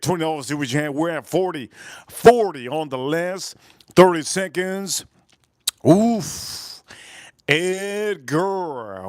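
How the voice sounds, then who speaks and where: A man hosting a casual livestream, hyped up, shouting out donors and swearing freely. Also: on the high side, dry recording, studio quality. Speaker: whiskey livestream host.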